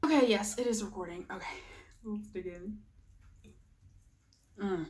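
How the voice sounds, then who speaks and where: A young woman talks to her camera while she eats, rambling about her cooking and dropping soft murmurs between bites. Her voice sits at a middle pitch for a woman, and she breaks into easy giggles as she goes. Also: unhurried, pauses often. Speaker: vlogger. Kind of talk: casual mukbang chat.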